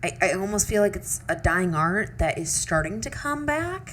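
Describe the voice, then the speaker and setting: A woman's voice: mid-range voice, sing-song, normal speed, fairly bright tone, slight background noise. A woman from Florida co-hosting a podcast, asking questions in a chatty, casual way. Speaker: podcast co-host. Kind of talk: casual interview chat.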